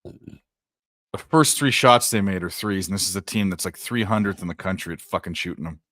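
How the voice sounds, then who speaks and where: On a live sports betting stream, a male co-host chats casually into a desk microphone in a low, fairly bright voice at normal speed. He rambles, swears, jokes, and stops to react to the games, all in clean studio sound with no echo.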